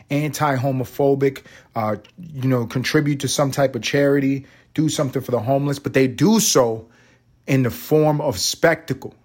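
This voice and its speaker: A man hosting a solo podcast, telling a rambling, profane story full of tangents. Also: mid-range voice. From Puerto Rico. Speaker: podcast host.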